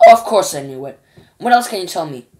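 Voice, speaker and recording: A woman voicing a pompous male President who barks orders and insults the astronauts in a rasping voice, reading a children's storybook. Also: expressive, fast, mellow, close to an everyday voice. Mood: bossy. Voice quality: deep and rasping. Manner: bossy, insulting, barking orders. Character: pompous shouting male President of the United States.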